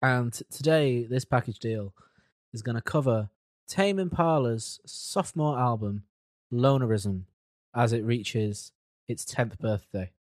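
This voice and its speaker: Male podcast host, playful banter, middle-pitched voice, dry close sound. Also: a little slow, a little mellow, dry recording. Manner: jokey, riffing banter. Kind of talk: casual podcast chat.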